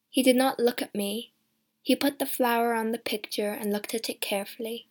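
A woman reading a story aloud as scripted narration, slow and measured. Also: fairly high pitch, steady tone, darkish tone. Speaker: audiobook reader.

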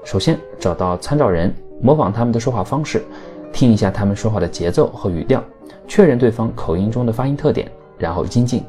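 A man hosting a language podcast in calm, guiding lesson narration. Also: lowish voice, quick pace, soft background music. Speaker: podcast host.

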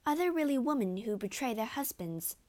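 A woman voicing a gentle, innocent young wife with a soft, quavering, pleading voice in a storybook reading. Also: a little high, animated, fairly quick, voice pushed up, lightly acted. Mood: wondering.

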